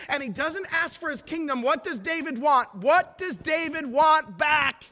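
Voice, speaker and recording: A man preaching a sermon, animated, swinging between loud shouts and hushed prayer. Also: extremely high pitch, moderate pace, few pauses. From northern Wisconsin. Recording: long hall reverb.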